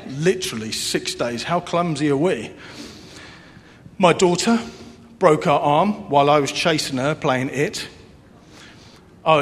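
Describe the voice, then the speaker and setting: Earnest man preaching in a hall. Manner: earnest, repetitive preaching cadence. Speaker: pastor. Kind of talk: sermon. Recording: long reverb, faint rumble.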